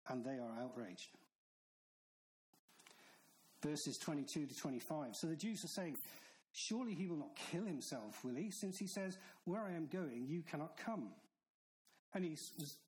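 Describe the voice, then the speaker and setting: A man delivering a sermon, his voice sitting a little high for a man. He preaches in an earnest, stern way and drives his points home through repetition. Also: darkish tone, poor audio. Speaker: pastor.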